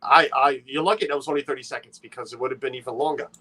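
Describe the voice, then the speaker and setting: A man's voice: medium pitch, steady tone, rapid-fire, a crowd in the background. A man hosting a casual livestream, chatty and playful, greeting viewers by name and teasing his co-host.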